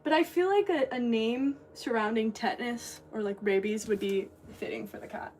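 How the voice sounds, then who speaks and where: This American potter talks in a fairly high voice at a moderate pace, chatting and rambling to her livestream audience while she works in the studio. A steady hum runs behind her, and she sounds somewhat far from the mic.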